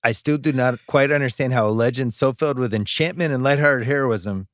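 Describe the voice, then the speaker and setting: A man hosts a loose movie podcast, trading jokes and reading review quotes with a profane edge. His voice sits at a middle pitch. The sound is dry and close, with no room around it. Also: brisk, no echo. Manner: reads review quotes aloud, joking and profane. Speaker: podcast host. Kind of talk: casual movie podcast chat.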